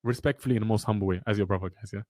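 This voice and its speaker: A man's voice: lowish voice, very fast, darkish tone, no echo. Young man, trading mentor, blunt, passionate, repeats himself for emphasis, dry close sound. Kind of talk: motivational webinar lecture.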